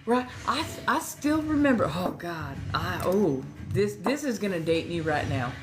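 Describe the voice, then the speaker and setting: A woman's voice: lowish voice, very animated, a little slow. A woman from Southern California with a Californian accent, chatting casually with her livestream chat, often repeating herself as she reads and answers. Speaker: ASMR livestream host.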